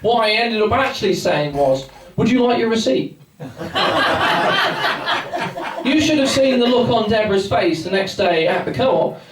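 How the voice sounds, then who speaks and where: A man's voice: high voice, lively intonation, a little slow, long pauses, far from the mic, background noise. A young man in his twenties from England doing a rambling, self-mocking stand-up set and bantering with the crowd. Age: 20s. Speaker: stand-up comedian. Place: pub function room with a live audience. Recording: echoey pub room recorded from afar. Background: audience laughter and chatter.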